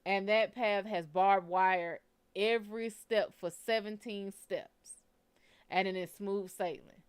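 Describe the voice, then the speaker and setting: A woman tarot reader speaking in a smooth, clear voice. She talks plainly and bluntly in a casual, conversational way and drops the occasional swear word as she gives a live reading. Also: mid-range voice.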